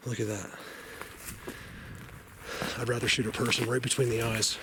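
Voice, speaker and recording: A man's voice: mid-range voice, little pitch movement, moderate pace. A man vlogging on foot in a forest, rambling and defiant, chuckling at his own jabs, at times out of breath. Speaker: outdoor vlogger. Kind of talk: casual walking vlog to camera. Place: outdoors in a forest. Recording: noisy outdoor camera audio.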